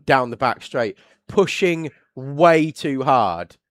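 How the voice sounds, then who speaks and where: A man with an English accent doing live motorsport commentary, chatty and quick to react loudly when something happens on track. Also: mid-range voice, expressive, no echo. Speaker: race commentator.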